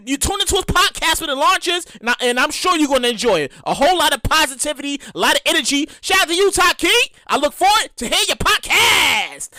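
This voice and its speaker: A man's voice: very high voice, no room sound, studio quality. A man in his thirties hosting his own podcast, chatting casually and animatedly with his listeners and repeating himself as he goes. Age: 30s. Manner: animated, repetitive, talks straight to listeners. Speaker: podcast host. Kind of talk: casual solo podcast chat.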